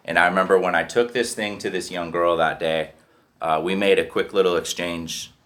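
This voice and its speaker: A man's voice: low-pitched, fairly even intonation, moderate pace, a bit bright. A man telling his recovery story in a candid, profane way, often checking in with "right?". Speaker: speaker sharing a recovery story. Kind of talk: personal storytelling.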